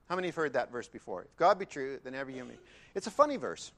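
A man preaching a sermon, emphatic, dropping to quiet repetitions and then rising loud, with chatty asides to the congregation. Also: medium pitch, sing-song, racing. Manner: conversational asides.

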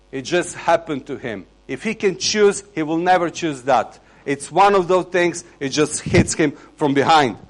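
A man with an Eastern European accent giving a sermon in plain, conversational English with halting, non-native phrasing. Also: on the high side. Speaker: preacher.

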